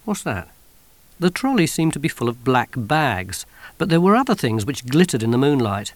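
Guy narrating an audiobook, wry and expressive, mid pitched, dry close mic. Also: moderate pace, dry recording.

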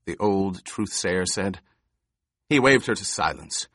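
Male narrator, measured and expressive, slow delivery, dry sound. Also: low-pitched, no echo. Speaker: audiobook narrator. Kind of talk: scripted narration.

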